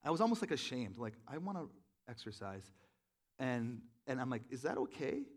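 A man preaching a sermon in a relaxed, storytelling way, with many "like"s and restarts, poking fun at himself. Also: mid-range voice, fairly quick. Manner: conversational, self-deprecating storytelling with many fillers. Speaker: pastor.

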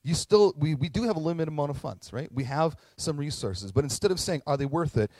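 A man's voice: on the high side, expressive, fairly quick, darkish tone, no room sound. A middle-aged man preaching a sermon as pastor, earnest and conversational, telling stories and acting out quotes. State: tearing up at moments.

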